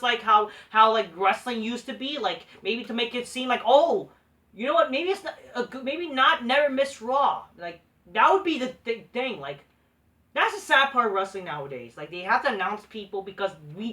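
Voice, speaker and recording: A woman's voice: mid-range voice, sharp tone, distant mic. A woman reviewing a wrestling show in a profane, sarcastic rant, full of "like" and restarts.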